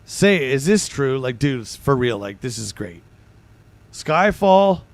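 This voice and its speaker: Hoarse gravelly man streaming. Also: mid-range voice, slow. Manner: excitable, jokey banter with chat. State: hoarse, voice going. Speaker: livestream host. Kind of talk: casual livestream chat.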